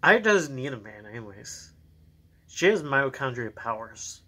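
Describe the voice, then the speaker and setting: A man's voice: mid-range voice, sing-song, normal speed, sharp tone, breathy edge. A young man playing a video game, reading its dialogue aloud in his own voice and cracking jokes between lines. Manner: jokey, reads all characters in his own voice. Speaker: let's play gamer.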